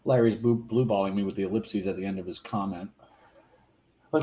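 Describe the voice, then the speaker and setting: A man's voice: lowish voice, fairly quick, warm tone. A man chatting casually on a podcast, crude and joking, laughing often.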